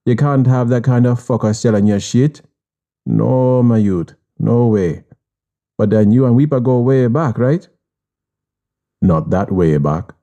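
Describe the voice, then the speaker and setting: A man with a Jamaican accent reading an audiobook in a measured, menacing patois. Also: medium pitch, dark tone, lo-fi sound. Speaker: audiobook narrator.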